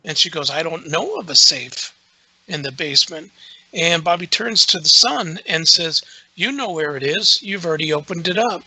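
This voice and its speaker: Bright-voiced man telling a story. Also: fairly high pitch, animated, normal speed, breathy edge, dry recording, poor audio. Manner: rambling, many filler words and restarts. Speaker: guest, radio show host. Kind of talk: casual storytelling.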